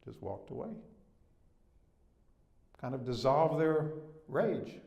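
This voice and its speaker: Older Southern-accented male speaker telling stories, emphatic, mid pitch, roomy echo. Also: lively intonation, slow pace, gravelly, mellow. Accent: Southern American. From Southern United States. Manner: storytelling, emphatic on key points. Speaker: guest speaker. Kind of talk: public talk. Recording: echoey room.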